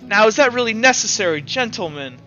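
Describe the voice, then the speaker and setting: A man's voice: high-pitched, expressive, fairly quick, sharp tone, lo-fi sound, soft background music, voice pushed up. A man voicing a flustered, pompous male merchant who bluffs with over-polite bluster.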